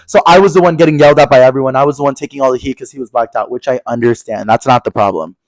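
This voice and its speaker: A young man co-hosting a podcast, telling a story in casual chat, animated and swearing a lot as he acts out angry quotes. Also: mid-range voice, racing, no echo, low-quality recording. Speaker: podcast co-host.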